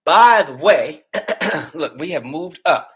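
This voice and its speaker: A man's voice: on the high side, takes it slowly. Male host doing laid-back live chat with viewers, slightly winded, easygoing delivery. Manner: relaxed, chatty, reads viewer names aloud. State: out of breath. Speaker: livestream host. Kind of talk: casual livestream chat.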